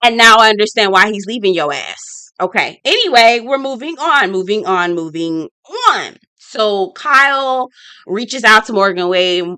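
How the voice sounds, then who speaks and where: A sassy woman vlogger reviewing reality TV in casual commentary, blunt and quick to swear. Her voice is bright and forceful, recorded dry and close. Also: mid-range voice, lively intonation, clear, resonant tone, no room sound.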